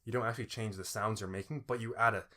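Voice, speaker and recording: A man with a fairly low voice co-hosts a casual podcast. He is from Indiana and talks in a loose, rambling way, circling back with fillers as he explains. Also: fairly even intonation, quick pace, pushed and bright. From Indiana, US Midwest. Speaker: podcast co-host. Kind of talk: casual chat.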